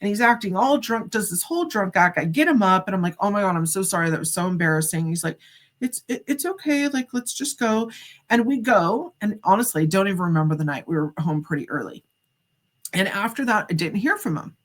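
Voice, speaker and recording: Speaking quickly in a medium-pitched voice, a middle-aged woman who works as a psychic medium recounts a story on a podcast where she's a guest. She's animated, voicing the quoted dialogue and using lots of casual fillers, especially "like."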